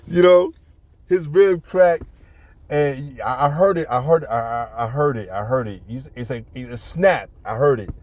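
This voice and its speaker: Mellow-voiced New man telling a story. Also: medium pitch, takes it slowly, long pauses, no room sound. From New York City. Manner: animated, acts out punches with sound effects. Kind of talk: casual storytelling.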